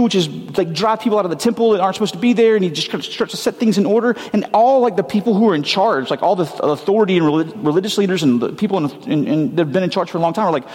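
A man's voice: high voice, animated, quick pace, a little mellow, in a large hall. A man preaching a sermon in a casual, conversational way, with slang and frequent restarts. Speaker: pastor.

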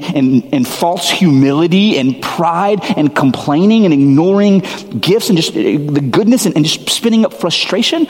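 A man's voice: a little high, a little mellow. Conversational male pastor in reverberant hall. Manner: conversational, self-deprecating storytelling. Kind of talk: sermon.

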